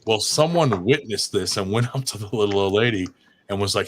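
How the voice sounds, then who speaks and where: A man's voice: on the low side, a little fast, a bit bright, slight background noise. Profane laughing storyteller man. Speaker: podcast co-host. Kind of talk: casual storytelling.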